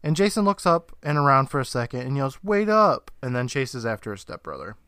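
A man with a bright, forceful voice recaps a TV episode for a podcast. He talks in a loose, laughing way, swears freely and slips into quick character impressions. His voice sounds dry and close, with no room echo. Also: medium pitch, sing-song. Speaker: podcast co-host.

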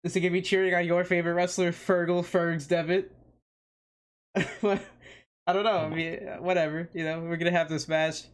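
A man's voice: high voice, flat delivery, normal speed. A man co-hosting a podcast in casual chat, laid-back and jokey, calling his partner "pal". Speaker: podcast co-host.

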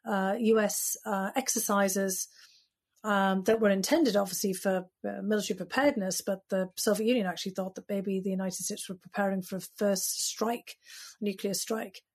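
Husky British woman recounting memories. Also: mid-range voice, steady tone, normal speed, a little mellow. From United Kingdom. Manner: reflective, storytelling, frequent "you know" fillers. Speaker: guest. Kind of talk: conversational interview.

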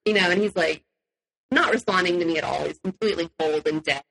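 A woman's voice: lowish voice, fast, gravelly, breathy edge, rough recording. A woman guest in an interview, telling her personal story animatedly and acting out what people said. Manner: animated, acts out quotes, laughs often.

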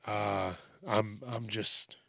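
This thirties-aged podcast host works alone in a small home studio on a studio mic, and a faint hiss or hum sits under the recording. His fairly low voice barely moves in pitch, carries vocal fry, and sounds a little bright. He wanders off topic, curses, and keeps stumbling over fillers and false starts.

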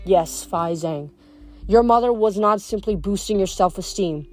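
A woman reading the part of a stern elderly grandmother in a storybook audiobook, slowly and firmly. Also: mid-range voice, a little mellow, soft background music, lightly acted.

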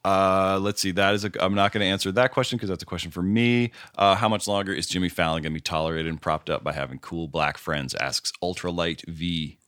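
A man hosting a podcast, chatting loosely and reading listener questions, often stopping to restart his thoughts. His voice is lowish but bright and forward. The sound is dry and close. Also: clean tone, no room sound. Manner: rambling, self-interrupting, quick to laugh. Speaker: podcast host.

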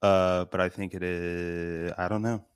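A man's voice: deep voice, flat delivery, unhurried, clean tone, no room sound, clean studio sound. A man co-hosting a podcast, talking about a film in casual chat, hesitant and trailing off with fillers. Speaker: podcast co-host. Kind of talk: casual movie review chat.

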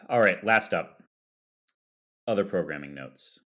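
A man with a fairly low voice co-hosting a sports podcast. He rambles through the news loosely, with jokey asides and plenty of fillers. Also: lively intonation, takes it slowly, pushed and bright. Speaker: podcast co-host. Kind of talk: casual sports podcast chat.

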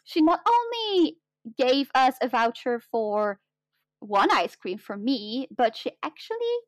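Young woman, high bright voice, chatty storyteller, dry close sound. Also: slow pace, no room sound. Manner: excited, chatty, many fillers. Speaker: guest telling a story. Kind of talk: casual chat, storytelling.

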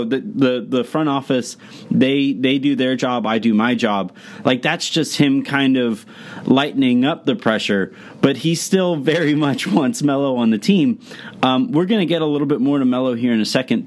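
A man hosting a sports podcast, talking basketball in a relaxed, conversational way. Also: mid-range voice. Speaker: podcast host. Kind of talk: casual sports talk.

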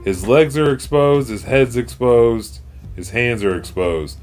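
A man co-hosting a podcast, telling crude jokes and animated stories in casual chat. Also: mid-range voice, unhurried, soft background music. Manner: crude, joking, animated storyteller. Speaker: podcast co-host.

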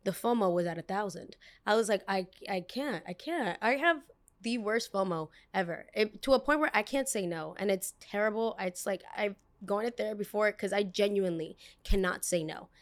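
A woman's voice: mid-range voice, fairly quick. A young adult woman hosting a podcast, telling a story in a chatty way, full of fillers, tangents and blunt swearing. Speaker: podcast host. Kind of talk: casual storytelling.

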